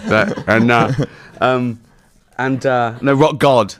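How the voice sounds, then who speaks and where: A comedian from England in his forties tells rambling stories as a guest in a casual anecdotal interview, laughing at his own punchlines. His medium-pitched voice keeps a measured pace with few pauses.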